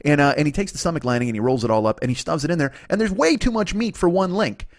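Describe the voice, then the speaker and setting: A man in his forties hosting a comedy podcast, riffing through a profane, excitable monologue. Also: on the high side, fast talker, dry recording, studio quality. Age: 40s.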